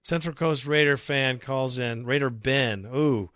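A man's voice: medium pitch, unhurried, a bit bright, no room sound, clean studio sound. A man hosting a fan podcast, reading listener messages and ranting about his team's loss, sarcastic and exasperated, sometimes breaking into laughter.

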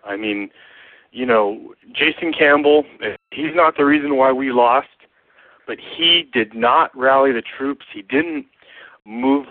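A man leaving a furious, profane voicemail, slow and emphatic in his anger. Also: medium pitch, dry recording. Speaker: caller. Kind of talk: voicemail rant. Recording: tinny phone line, dry.

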